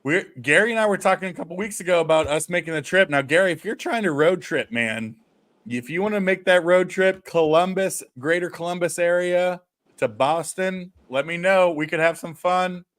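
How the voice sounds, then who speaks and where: Male, podcast host, casual chat, rambling, frequent restarts, slightly high pitch. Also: normal speed, fairly bright tone.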